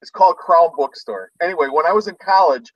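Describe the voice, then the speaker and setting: A man hosting a casual chat among resellers, telling an animated story and acting out people's shouts. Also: a little high, quick pace, no echo, recorded from a distance, muffled recording. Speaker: host.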